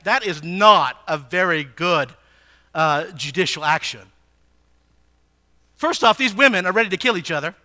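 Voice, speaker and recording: High-voiced man teaching scripture. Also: moderate pace. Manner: animated, rhetorical questions to listeners. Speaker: Bible teacher. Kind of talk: sermon teaching.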